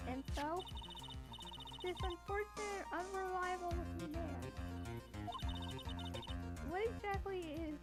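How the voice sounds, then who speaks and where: A woman co-hosting a game playthrough, reading dialogue lines and throwing in playful, quick jokes. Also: very high voice. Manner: playful, quick jokey interjections. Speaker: let's-play co-host. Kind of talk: reading game dialogue aloud with joking asides. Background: loud game music.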